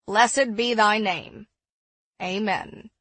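A woman reader puts on a devout older matron for an audiobook, speaking slowly and loudly with a husky, unhurried voice. She sounds firm and sure of herself, the recording dry and close. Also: medium pitch, no echo. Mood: reverent. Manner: solemn prayerful delivery, loud and slow. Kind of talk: audiobook character reading.

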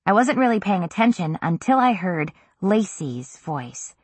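A woman narrating a first-person novel in an intimate, even storytelling manner. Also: on the low side, unhurried, breathy edge, no echo. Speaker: audiobook narrator.

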